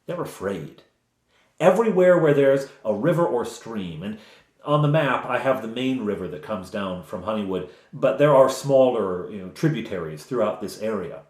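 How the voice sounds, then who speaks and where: A man narrating a tabletop game as game master, relaxed and rambling, with fillers. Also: fairly low pitch, echoey room.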